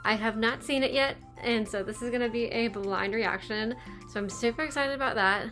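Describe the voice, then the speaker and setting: A woman's voice: on the high side, normal speed, a bit bright, soft background music. A young adult woman giving casual blind reaction commentary on her channel, tired after a day at work, chatty and laughing often. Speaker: YouTube reaction vlogger.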